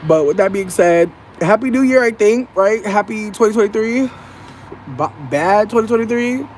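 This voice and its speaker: A high-pitched man rants to camera in a loose, swearing monologue. He talks animatedly and slips into shrill impressions of the people he quotes. Faint background noise sits under his voice. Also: normal speed. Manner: profane, animated, mimics others in a high voice. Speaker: vlogger. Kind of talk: casual venting monologue.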